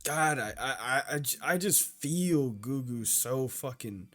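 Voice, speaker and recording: A man reacting to an anime episode in casual commentary. He is emotional and swears a lot, shouting at the screen and then stammering through quiet, halting thoughts. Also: medium pitch, lively intonation, faint music behind. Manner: exclaims loudly at the screen, then rambles quietly.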